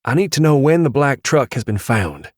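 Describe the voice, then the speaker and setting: A man's voice: medium pitch, sing-song, normal speed, dry recording, studio quality, pitched above the performer's own voice. A man reading an audiobook, voicing a tactical police officer with a clipped, commanding manner. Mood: steady. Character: tough, terse male tactical police officer. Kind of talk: audiobook dialogue.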